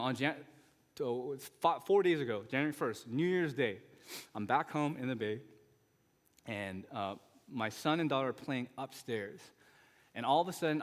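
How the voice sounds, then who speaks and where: Male guest pastor, 30s, mid-pitched, chatty anecdotal sermon delivery, long sanctuary reverb. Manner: conversational storytelling with frequent asides. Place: church sanctuary.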